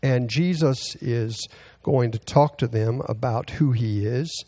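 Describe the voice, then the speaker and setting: A man preaching a Bible teaching sermon, halting often with fillers and restarts as he reads scripture aloud. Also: medium pitch, warm tone.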